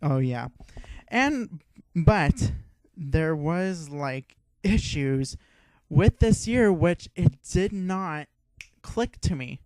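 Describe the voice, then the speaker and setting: An excitable young man with a fairly high voice, co-hosting a casual podcast. He tells his story with a lot of swearing and animated energy. The sound is dry and close, with no room echo. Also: extremely slow. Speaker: podcast co-host. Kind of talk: casual chat.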